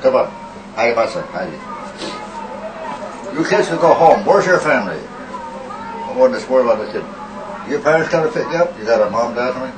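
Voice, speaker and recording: A man's voice: medium pitch, sing-song, brisk, long pauses. A man playing a crude, blustering uncle who swears heavily at a teacher in an improvised comedy sketch. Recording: echoey, distant, noisy amateur recording.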